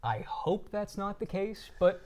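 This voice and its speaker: A man co-hosting a tech live stream, presenting deals in a relaxed way with dry remarks. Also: high voice, unhurried. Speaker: stream co-host. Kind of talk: casual tech news chat.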